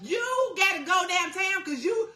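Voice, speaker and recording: Loud bawdy lady cooking n gossiping, high voice swinging all over, calls u honey, aave. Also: expressive, measured pace, echoey room, heavy background noise. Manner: bawdy storytelling, calls everyone honey, laughs a lot. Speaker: cooking vlogger. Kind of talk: casual cooking vlog chat.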